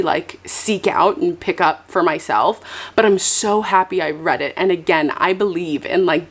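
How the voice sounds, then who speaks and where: Young adult woman, lower-pitched, casual and effusive book vlogger. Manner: gushing, dramatic, lots of likes and fillers. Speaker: book reviewer. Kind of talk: casual chat to camera.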